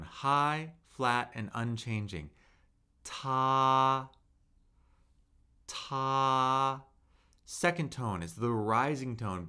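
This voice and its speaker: A man's voice: mid-range voice, a bit bright. A man teaching a live-streamed Mandarin lesson, patiently drawing out tone drills and answering chat questions. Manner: slow, patient, drawn-out tone demonstrations.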